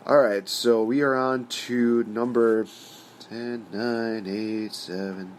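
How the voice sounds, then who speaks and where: A man's voice: medium pitch, steady tone, slow, slight background noise. A man hosting his own channel, giving a casual, rambling opinion rant full of "you know" fillers. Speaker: host.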